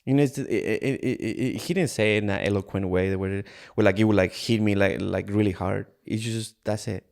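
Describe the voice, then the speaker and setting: An earnest man from Ecuador tells his own story as a podcast guest. His voice sits low and carries a gravelly, rough edge. He talks in a candid, halting way and acts out past conversations as he goes. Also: steady tone, a little mellow. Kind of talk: candid personal storytelling in an interview.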